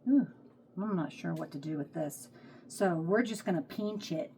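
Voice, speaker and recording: A home cook vlogger with a Texas accent chats casually in her kitchen, thinking aloud as she works, filmed on a phone on a tripod. Her voice is lowish and warm with vocal fry, at a normal pace, with slight background noise.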